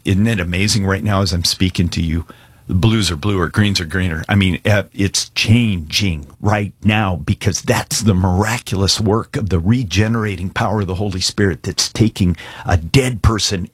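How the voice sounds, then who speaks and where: Male pastor, low husky voice, dry close sound, earnest casual preaching. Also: no echo. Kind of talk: sermon with altar call.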